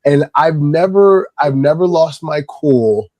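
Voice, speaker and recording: Mellow-voiced man telling a story. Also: a little high, unhurried, no echo, low-quality recording. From Irvington, New Jersey. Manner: animated storyteller, calm then rising. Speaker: guest, kids' Lego class instructor. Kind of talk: casual anecdote storytelling.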